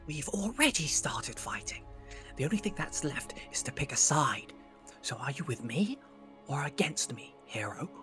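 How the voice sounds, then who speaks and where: A woman's voice: on the low side, expressive, normal speed, music in the background, close to an everyday voice. A woman voicing a paranoid, scheming inner voice that hisses its suspicions. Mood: conspiratorial. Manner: urgent, suspicious whispering.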